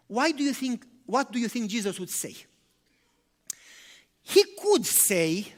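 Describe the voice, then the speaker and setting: A man's voice: high voice, moderate pace, pauses often. Male pastor, conversational sermon, rhetorical questions, non-native phrasing, long hall reverb.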